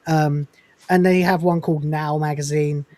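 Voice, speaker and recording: A man's voice: fairly high pitch, steady tone, moderate pace, a little mellow, no room sound. A man hosting a podcast, chatting casually in a rambling, sweary, loose way over an online call. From England. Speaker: podcast host.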